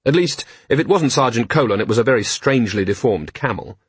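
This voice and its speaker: A male audiobook narrator with a husky voice and lively, wide-ranging pitch. He tells the story with a wry, expressive touch, and the recording sounds close and dry. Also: brisk, no echo.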